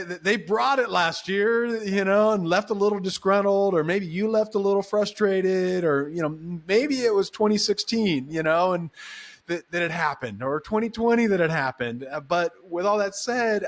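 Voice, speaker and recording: Guy hosting a chat show, bit higher voice, keeps saying yeah and restarting sentences. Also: lively intonation, moderate pace. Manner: friendly, stumbling restarts, frequent agreeing. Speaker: host. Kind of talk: casual chat.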